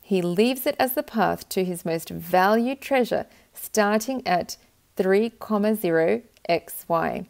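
A woman voicing a clever, curious young girl adventurer in a storybook read-aloud, with a slightly gravelly voice. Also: medium pitch, slow pace, darkish tone.

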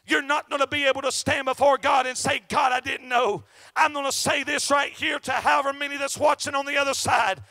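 A man preaching a fervent revival sermon for an online audience, swinging between shouted outbursts and hushed, low passages. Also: flat delivery, brisk, gravelly, hardly any pauses, no room sound, faint music behind.

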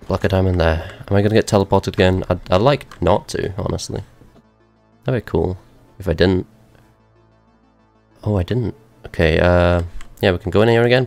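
A young man giving rambling let's-play commentary to himself, with wry asides as he explores a game. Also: deep voice. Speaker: gaming video host.

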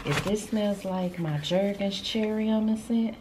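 A lively woman talks straight to her phone camera in a loose, slangy vlog style, full of asides to her viewers. Her voice sits at an everyday middle pitch. Steady traffic noise and street ambience run under the recording. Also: unhurried. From Texas. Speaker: vlogger. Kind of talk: casual chatty vlog. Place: out and about, in car and shops, then at home.

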